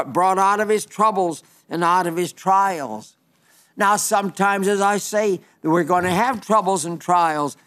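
A man preaching a sermon, quoting scripture at length in a slow, earnest way with some restarts. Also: high voice, fairly bright tone, clear, resonant tone.

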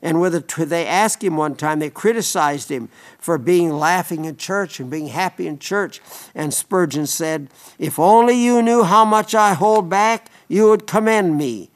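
An older man preaching a sermon in an earnest, folksy way, with frequent restarts and asides. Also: on the high side.

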